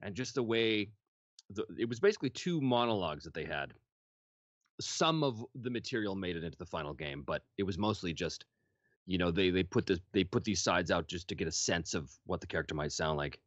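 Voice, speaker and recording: A low-pitched man recalls his work as a voice actor in an easygoing, candid manner, now and then letting a swear slip. The sound is dry and close, but dull and lo-fi. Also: fairly quick, no room sound. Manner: relaxed, candid, casually profane. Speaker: voice actor guest. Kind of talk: interview storytelling.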